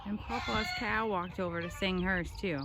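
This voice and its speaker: A woman's voice: medium pitch, moderate pace. A woman, vlogging casually outdoors on a farm as she does chores and chats fondly to her animals. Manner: chatty, talks fondly to the animals. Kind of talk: casual vlog while doing farm chores. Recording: loud outdoor noise behind the voice. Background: chickens and a rooster clucking.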